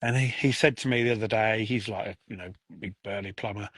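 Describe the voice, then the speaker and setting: A man's voice: on the low side, quick pace, background noise. A man hosting a podcast, chatting enthusiastically and laughing easily. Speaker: podcast host. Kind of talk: casual chat.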